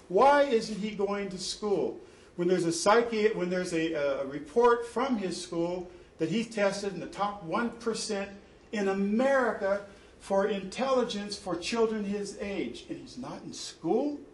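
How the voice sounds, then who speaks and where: A man's voice: high voice, animated, measured pace. A man, a father and church deacon, giving an impassioned testimony in an indignant, emphatic way, often restarting his sentences. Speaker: father testifying in a custody dispute. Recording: echoey room with faint background noise.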